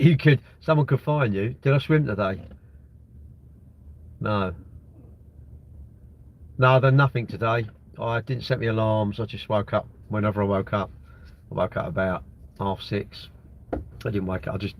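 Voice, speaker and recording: A fairly low-pitched man, British and in his sixties, comes through on a muffled recording. He's hosting a live stream from a parked car via a phone propped at the windscreen, casually rambling in reply to viewer comments.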